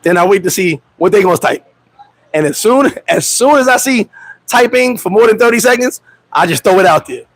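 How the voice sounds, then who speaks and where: A man holds a casual livestream chat, swinging his high voice wildly as he laughs and acts out quotes. He talks in profane, streetwise slang. The sound is dry and close. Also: animated, brisk, dry recording, low-quality recording. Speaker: host. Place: Dominican Republic.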